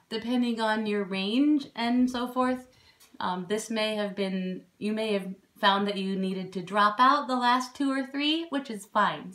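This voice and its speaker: A woman's voice: medium pitch, a bit bright. A woman vocal coach who patiently explains breathing and resonance step by step during a lesson. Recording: roomy echo, faint instrument behind.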